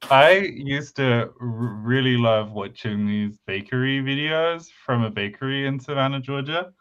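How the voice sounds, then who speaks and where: Guy, slow and halting, lots of ums, low smooth voice, kinda lo-fi mic. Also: fairly bright tone. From United Kingdom. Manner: hesitant, many pauses and fillers. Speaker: podcast co-host. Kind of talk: casual chat about language building. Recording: slightly dull lo-fi mic.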